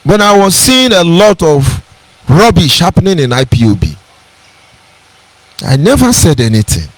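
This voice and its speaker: Brief: high-voiced Nigerian man, emphatic radio broadcaster who preaches and repeats himself, close dry sound. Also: sing-song, moderate pace, no room sound. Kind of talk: impassioned radio address.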